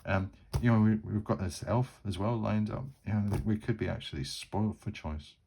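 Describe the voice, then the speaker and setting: A man's voice: fairly low pitch, normal speed, gravelly, mellow, a little hiss or hum. A man hosting his channel, narrating a solo tabletop game in a casual, rambling way with many fillers and restarts.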